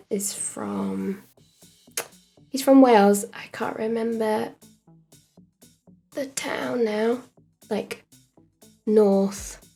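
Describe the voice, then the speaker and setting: Slow, rambling, giggly woman streamer. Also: fairly high pitch, vocal fry, warm tone. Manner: rambling and giggly, many fillers and self-corrections. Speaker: streamer animator. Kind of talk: casual livestream chat while animating.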